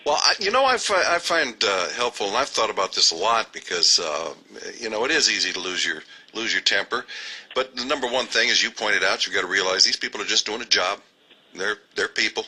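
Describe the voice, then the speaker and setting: A man hosting a radio interview, voicing opinions in a halting way with many restarts. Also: fairly low pitch, lively intonation, sharp tone, breathy edge. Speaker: radio host.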